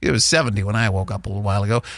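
A man's voice: fairly low pitch, racing, fairly bright tone, no echo, studio quality. A man hosting a morning show, chatting casually with lots of fillers and chuckles. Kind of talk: casual chat radio show.

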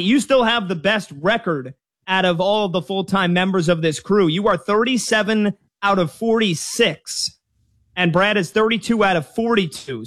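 A man hosting a casual sports show with upbeat, quick patter. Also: high voice, fairly bright tone.

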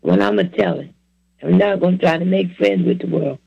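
Gravelly older man preaching testimony. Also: high voice, fairly quick, no echo, dull audio. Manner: repetitive, exhorting, plain-spoken. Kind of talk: earnest testimony sermon.

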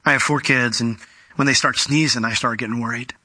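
A man's voice: medium pitch, steady tone, fairly quick, bright, forceful tone, husky, no echo. A man, a pastor and father of four in his thirties, preaching a conversational sermon that rises into fervent emphasis.

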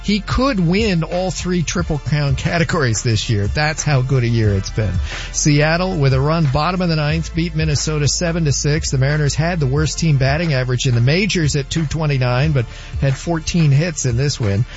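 A man giving a brisk, factual sports update on a radio show. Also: on the high side, highs cut off, soft background music. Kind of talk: reading sports scores.

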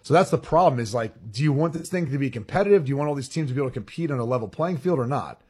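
A man's voice: mid-range voice, animated, very fast, a little mellow, husky. A man co-hosting a sports talk show, thinking aloud and often repeating words as he explains. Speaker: sports radio co-host.

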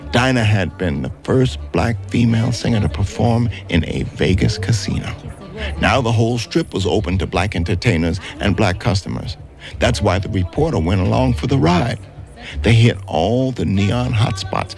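A man's voice: lowish voice, vocal fry, a little mellow. A man narrating a story in a vivid, dramatic way.

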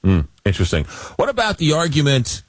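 A man hosting a radio interview, asking questions in a lively, animated way. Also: a little high, a little fast, breathy edge, no echo. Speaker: radio host.

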